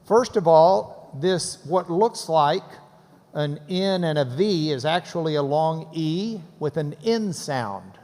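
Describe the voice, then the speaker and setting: Higher-voiced guy teaching grammar, asks folks questions, echoey hall. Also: slow pace. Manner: animated, prompting questions. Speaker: host and moderator. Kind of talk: teaching a class.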